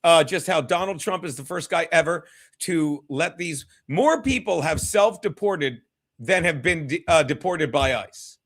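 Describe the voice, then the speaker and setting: A man talks loosely on a home livestream, cursing often and drifting from thought to thought. His voice sits fairly high for a man, and he speaks straight to the chat. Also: unhurried, a bit bright. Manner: profane, rambling, chats with viewers. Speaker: comedian hosting a livestream. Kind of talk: casual solo livestream chat.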